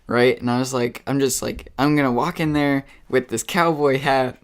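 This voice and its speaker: A man's voice: medium pitch, fairly even intonation, normal speed, clean tone. A young man co-hosting a casual podcast, telling a story in an easygoing way, smiling as he talks and using many fillers. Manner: easygoing, filler-heavy, smiles while talking. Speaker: podcast co-host.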